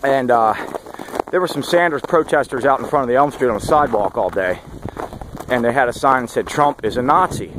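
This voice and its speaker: A man's voice: mid-range voice, fairly quick. A man in his late forties giving a casual vlog update on a morning hike, blunt, sarcastic and opinionated. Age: late 40s. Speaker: campaign volunteer vlogger. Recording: outdoor noise with passing traffic.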